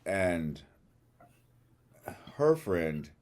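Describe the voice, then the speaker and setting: A man co-hosting a podcast, telling a long story in a casual, animated way and acting out other people's lines with plenty of swearing. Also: low-pitched, extremely slow, heavy background noise. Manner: animated storyteller, acts out quotes, swears freely. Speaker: podcast co-host.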